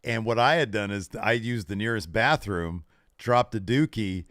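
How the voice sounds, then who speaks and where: A man co-hosting a live podcast, bantering casually, loud and profane, jokingly berating the audience. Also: fairly low pitch, normal speed, no echo, clean studio sound. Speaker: podcast co-host.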